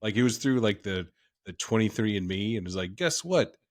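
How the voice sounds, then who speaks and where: Low-voiced joking dad. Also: male voice, steady tone, fast talker. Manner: rambling, jokey, trails off and restarts. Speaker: podcast co-host. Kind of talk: casual chat.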